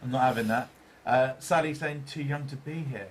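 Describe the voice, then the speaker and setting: A man's voice: mid-range voice, moderate pace, a little hiss or hum. A man hosting a live paranormal show, chatting casually and reading out viewer comments, often repeating phrases and laughing easily.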